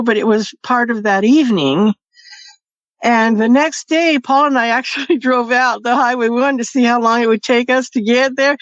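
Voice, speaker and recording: A woman's voice: fairly high pitch, no room sound. A woman guest telling a personal story in a casual, chatty way, laughing between phrases. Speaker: podcast guest. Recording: dry, dull lo-fi sound.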